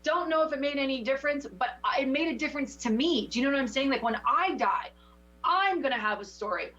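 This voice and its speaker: A woman working as a spiritual teacher who gives oracle card readings and coaching in a passionate, preachy, lively way. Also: high voice, quick pace, highs cut off. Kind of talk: intuitive coaching chat.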